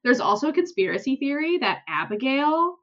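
A woman's voice: sits high, sing-song, a little fast, fairly bright tone, muffled recording. A young woman co-hosting a podcast, telling stories animatedly, acting out characters' lines and laughing often. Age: young adult. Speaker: podcast co-host. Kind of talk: casual chat.

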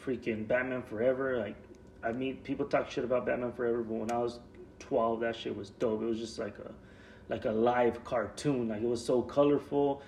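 A man's voice: medium pitch, flat delivery, moderate pace, gravelly, darkish tone, a little hiss or hum. Laid-back, cussing guy chatting casually. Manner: loose, profane and rambling, with many "like" fillers. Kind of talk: casual chat.

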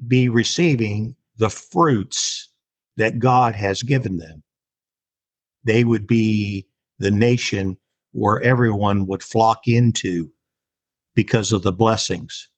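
A man teaching a Bible lesson, his voice somewhat low and his pace very slow and unhurried. He pauses often and stresses key words as he reads out the verses. The sound is dry and close, with no room around it. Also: no echo. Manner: slow, deliberate, with many pauses.

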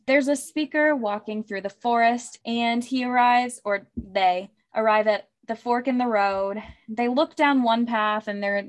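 A woman co-hosting a podcast, talking casually about a poem with lots of "like" and "um" fillers. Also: mid-range voice. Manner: chatty, many "like" and "um" fillers, laughs often. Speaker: podcast co-host. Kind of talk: casual literary discussion.

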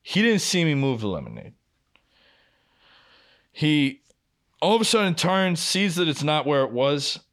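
Unhurried and taking long pauses, a young podcast co-host with a slightly high voice casually relates a long story about work. He is profane and animated, voicing both sides of each argument he quotes.

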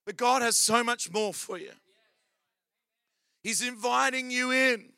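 A man preaching a sermon as pastor, telling a story with humorous asides and building to loud calls to the church. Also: extremely high pitch, slow, creaky, clean tone, dry recording, studio quality.

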